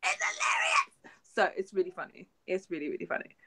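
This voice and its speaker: A young woman co-hosting a geek podcast, chatting excitedly and laughing often. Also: on the low side, fast, noisy background. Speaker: podcast co-host. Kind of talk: casual geek chat.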